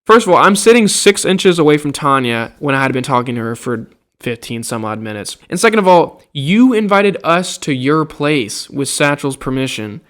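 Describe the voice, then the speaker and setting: A young college student tells a story casually to camera about an argument in his dorm, sounding exasperated, swearing freely and acting out what others said. His medium-pitched, slightly bright voice moves at a moderate pace with few pauses.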